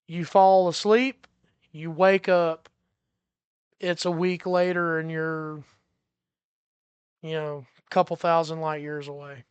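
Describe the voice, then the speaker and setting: A game master narrating a science fiction tabletop game in a relaxed way, laughing often. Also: medium pitch, clean tone, dry recording. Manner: relaxed, laughing, explains freely.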